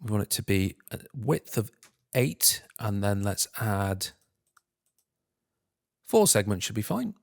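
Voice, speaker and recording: A low-voiced man narrates a screen-recorded tutorial, talking himself through each step and humming little filler sounds as he works. The recording is dry and close, with no room around it. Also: very animated, slow pace, creaky, pauses often, dry recording. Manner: muttering to himself, humming filler syllables while working; self-deprecating, talking through steps. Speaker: tutorial host.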